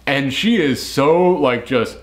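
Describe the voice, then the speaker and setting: Casual male film reviewer, tired, rambling, laughs at his own mistakes, mid pitch. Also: takes it slowly. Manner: rambling, loopy, laughing at own mix-ups. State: sleep-deprived. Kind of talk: casual movie review chat.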